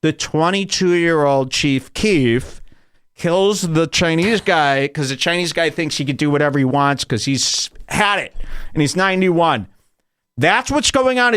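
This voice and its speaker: A man rants crudely on a comedy podcast. His voice is fairly high and swings widely in pitch. The sound is dry and close to the mic. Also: clean tone, dry recording. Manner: animated, crude, emphatic. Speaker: podcast host. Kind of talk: comedic rant.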